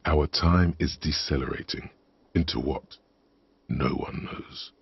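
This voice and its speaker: Gravelly ominous narrator voice. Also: male voice, fairly even intonation, a little hiss or hum, exaggerated voice. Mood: brooding. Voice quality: deep gravelly, slow and ominous. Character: brooding inner voice narrator, older man. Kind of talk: game narration. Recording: dull lo-fi game capture with music.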